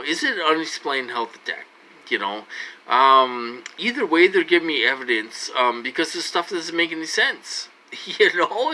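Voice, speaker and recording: Bright-voiced rambling man from Minnesota. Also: medium pitch, a little hiss or hum, low-quality recording. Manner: rambling, repetitive, full of "you know". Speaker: vlogger. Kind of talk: casual monologue to camera.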